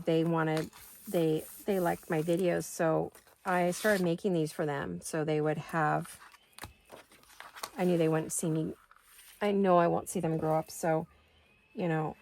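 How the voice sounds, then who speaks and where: A woman's voice: on the low side, creaky, darkish tone, a little hiss or hum. A woman in her sixties hosting a craft video from her home studio, chatting in a rambling, think-aloud way. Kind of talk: casual chat while crafting.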